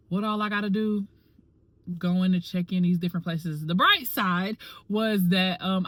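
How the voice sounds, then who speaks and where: A woman's voice: on the low side, dry recording. Woman telling a dramatic story, dry sound. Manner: dramatic, expressive storytelling, talking straight to viewers. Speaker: actor and vlogger. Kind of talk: casual storytelling vlog.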